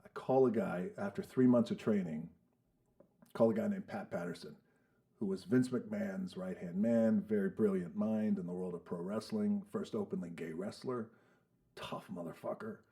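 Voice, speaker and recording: A man's voice: lowish voice, fairly even intonation, moderate pace, dark tone. A man in his fifties, a podcast guest telling stories in a casual, profane way and acting out the voices of people he quotes. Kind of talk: casual storytelling chat. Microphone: studio podcast mic.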